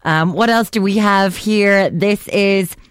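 A woman's voice: mid-range voice, takes it slowly, smooth, dry recording, clean studio sound. An Irish woman hosting a radio show, chatting playfully and laughing easily. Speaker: radio host. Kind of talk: casual radio chat.

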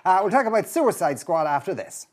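A man's voice: high voice, sing-song, a little fast. A man hosting a radio talk show, hesitant with many fillers and a dry wit.

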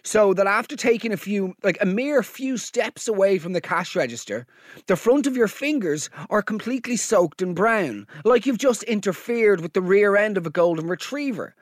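A man's voice: high voice, lively intonation, moderate pace, no echo, studio quality. A man hosting a comedy podcast, telling exasperated, sarcastic stories. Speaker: podcast host. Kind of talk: comedic rant monologue.

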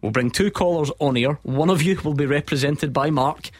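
A man's voice: a little high, moderate pace, no room sound. A man hosting a sports radio phone-in, chatty and jokey, often breaking into laughter.

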